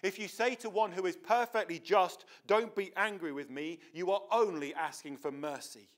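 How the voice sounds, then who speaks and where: A man's voice: high voice, moderate pace. A man preaching a sermon in a church, earnest and emphatic, often restarting his words.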